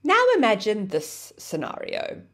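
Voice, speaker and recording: With a mid-range, slightly bright voice, a woman leads an English grammar lesson at a measured pace. She explains clearly and acts out example phrases, her pitch swinging hugely with exaggerated rises and falls.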